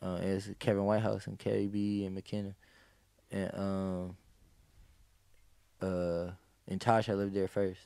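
A man's voice: sits low, unhurried, gravelly, long pauses, clear, resonant tone, no echo. A man, a podcast guest, telling a story in casual, profane speech and acting out what people said. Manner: animated, profane, acts out quoted lines.

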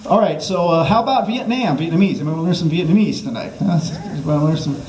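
A comedic language teacher gives a jokey mock language lesson, rambling, interrupting himself and restarting with constant okays. His voice is a little high with a darkish tone, and he talks fast. It sounds like an echoey room picked up by a distant mic.

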